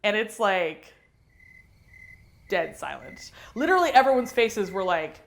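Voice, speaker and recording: A woman's voice: mid-range voice, sing-song, measured pace, gravelly. A young adult woman hosting a show, telling a funny personal story in a chatty, self-mocking way with some playful swearing. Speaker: host. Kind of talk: casual comedic storytelling.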